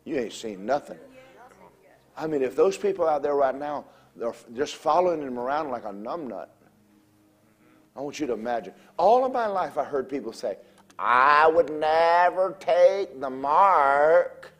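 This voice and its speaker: A man preaching a revival sermon, telling stories, shouting at times and calling for amens. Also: medium pitch, big pitch swings, moderate pace, husky.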